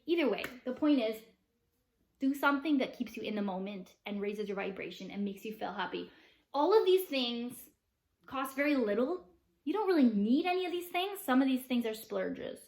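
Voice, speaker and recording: A woman's voice: a little high, reverberant. Chatty upbeat woman. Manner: chatty and upbeat, many fillers. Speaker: vlogger, mother of boys. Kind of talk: casual chat to camera.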